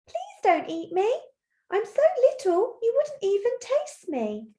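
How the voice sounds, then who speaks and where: A little shy billy goat speaks in a small, very high voice, as a woman teacher puts him on. He sounds timid and pleading, and the room adds a noticeable echo. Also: wildly swooping pitch, unhurried, warm tone, exaggerated voice. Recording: roomy echo.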